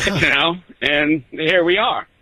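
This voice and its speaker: Trucker calling in, rambly and relaxed, super bright tense voice, dry sound. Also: male voice, a little high, slow pace, no echo, poor audio. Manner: easygoing, rambling, many fillers. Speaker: caller, truck driver. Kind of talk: call-in conversation.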